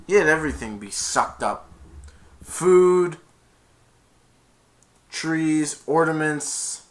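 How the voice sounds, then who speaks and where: A man's voice: a little high, unhurried, fairly bright tone. A man giving a casual film review, retelling the plot in a rambling way with many restarts. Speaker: movie reviewer.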